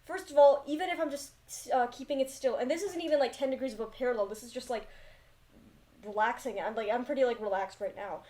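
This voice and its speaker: A woman's voice: a little high, fast talker, warm tone, slight background noise. A young woman giving casual, rambling, self-deprecating commentary on a film, recorded on a laptop mic. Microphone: laptop built-in mic.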